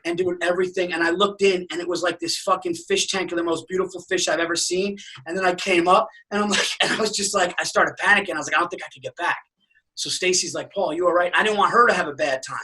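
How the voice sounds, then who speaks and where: A man's voice: high voice, fast, few pauses, recorded from a distance, rough recording. A man telling a long, profane story in casual podcast chat, acting out the voices of the people in it. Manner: animated storyteller, profane, acts out quotes. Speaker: podcast guest.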